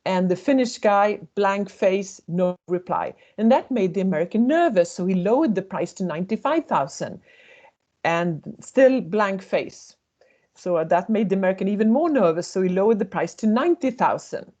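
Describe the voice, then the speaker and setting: A woman leads a webinar on intercultural communication. Her voice is mellow and her intonation is animated. She tells short stories and slips into the voices of the people in them. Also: mid-range voice, moderate pace, dull audio. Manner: storytelling, acting out quoted voices. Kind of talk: webinar presentation.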